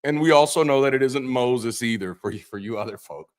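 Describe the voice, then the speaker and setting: A fairly quick-talking man with a mid-range voice, once a pastor, leads a Bible study livestream as an easygoing chat. Jokes and profanity pop up regularly, and he often repeats words and starts sentences over.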